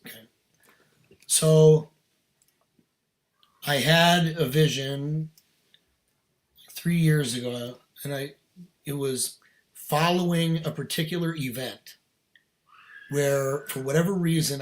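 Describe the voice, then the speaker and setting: A man guest on a podcast telling a personal story in casual, earnest talk, animated and laughing now and then. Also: medium pitch.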